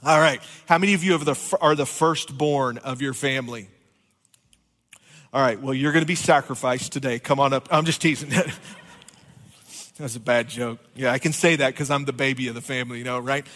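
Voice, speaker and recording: A man's voice: medium pitch, moderate pace, fairly bright tone. Man, pastor, conversational sermon, light jokes, reverberant church hall. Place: church sanctuary.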